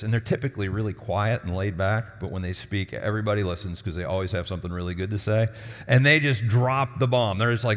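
A man's voice: on the low side, fast talker. A man preaching a sermon as lead pastor, talking in a conversational, storytelling way and acting out the people in his stories. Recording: long hall reverb.

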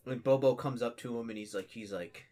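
A man's voice: medium pitch, fairly quick, heavy background noise. A man narrating as game master, rambling with lots of fillers. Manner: rambling, full of fillers and restarts.

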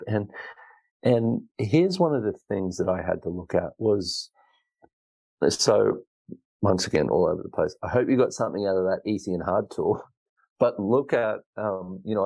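A man's voice: on the low side, vocal fry, warm tone, husky, poor audio. A man hosting a solo self-help podcast, talking in an earnest, rambling way with frequent restarts. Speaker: podcast host. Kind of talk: reflective solo podcast talk.

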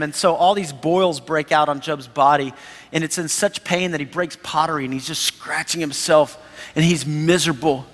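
High-voiced preacher in an echoey hall. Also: male voice, normal speed. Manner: animated, conversational, acts out quotes. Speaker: pastor. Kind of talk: sermon. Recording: reverberant hall.

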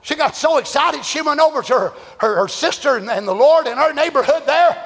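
A man preaching a fervent, shouted revival sermon, chanting repeated praises. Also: very high voice, lively intonation, a little fast, creaky. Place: church. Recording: long church reverb with congregation.

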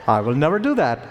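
A man with an Indian accent preaching a sermon, telling stories with chuckles between lines. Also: fairly high pitch. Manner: animated storytelling with chuckles. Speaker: pastor. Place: church sanctuary. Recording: reverberant church hall.

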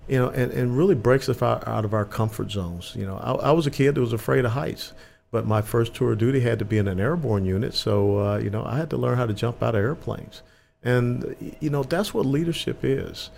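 A man's voice: medium pitch, a little fast, creaky, a little mellow, slight background noise. An older man from Atlanta, a military veteran, speaking earnestly and with emphasis as a guest on an interview show. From Atlanta, Georgia, US. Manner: earnest, emphatic, repeats words when starting. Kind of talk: conversational interview.

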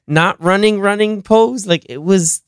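A man co-hosting a podcast, excitedly recalling funny movie moments and laughing. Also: sits high, unhurried, clean tone, no room sound, clean studio sound. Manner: excitable, laughing, jumps in with quotes. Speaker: podcast co-host. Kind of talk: casual movie discussion.

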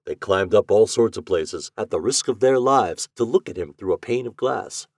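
A man's voice: lowish voice, expressive, moderate pace, dry recording, studio quality. A man narrating a classic story aloud as a podcast reader, telling it expressively. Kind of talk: reading classic fiction aloud.

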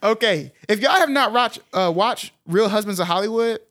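A man's voice: high voice, lively intonation, moderate pace, fairly bright tone. Man, slight R lisp, playful jokey podcast co-host, casual chat.

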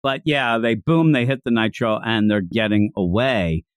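A man co-hosting a casual chat about a story he is reviewing. He is animated and acts out the scenes in funny voices. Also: fairly low pitch, normal speed, no echo. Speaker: podcast co-host.

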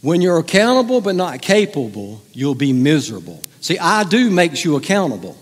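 A male pastor preaches a sermon in a loose, conversational way, teasing and joking with his congregation. His voice sits a bit high, and his words carry a long reverb through a large church hall. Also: very animated, brisk, husky.

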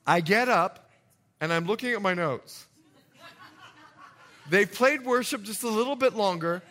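Bright, animated pastor telling stories. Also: male voice, high-pitched, unhurried. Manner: animated storyteller, jokey asides, shifts from loud to hushed. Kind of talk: sermon with storytelling.

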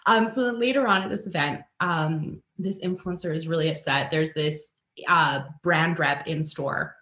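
A woman from Canada, a guest on a podcast, telling a story in a casual way and acting out the people she quotes with big jumps in pitch. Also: normal speed, fairly bright tone. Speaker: guest, influencer and author. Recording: roomy echoing room.

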